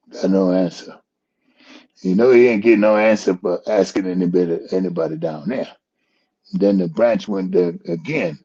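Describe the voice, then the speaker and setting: A man's voice: low voice, steady tone, normal speed, warm tone, slightly rough, lo-fi sound. A man hosting a talk show, telling a rambling joke in casual chat and chuckling at his own punchlines. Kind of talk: casual storytelling commentary.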